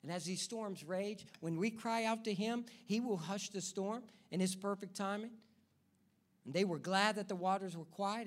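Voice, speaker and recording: A pastor delivers a sermon in a high-pitched voice at a moderate pace. He moves between quiet asides and loud, urgent appeals, frequently repeating words and posing questions to his congregation.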